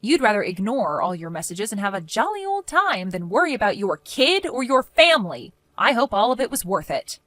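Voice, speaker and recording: A woman's voice: mid-range voice, very animated, a little fast, hardly any pauses, fairly bright tone, no echo. A woman narrating a first-person story and speaking firmly, scolding a neighbor. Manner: firm, scolding.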